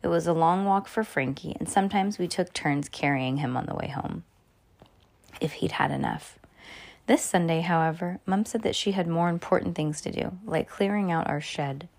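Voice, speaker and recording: A woman's voice: on the low side, normal speed, creaky, darkish tone. Chatty mother reading a story aloud. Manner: chatty, breaks off to comment and joke. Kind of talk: casual storytime read-aloud.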